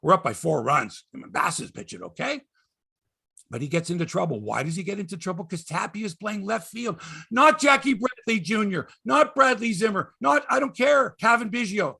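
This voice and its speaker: A middle-aged man hosts a sports show in an exasperated, emphatic rant. His voice sits high and bright, with a husky, gravelly edge, and it swings widely in pitch. He swears for emphasis and drops from loud bursts to low grumbles. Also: lively intonation, moderate pace. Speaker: sports podcast host. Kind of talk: ranting sports commentary monologue.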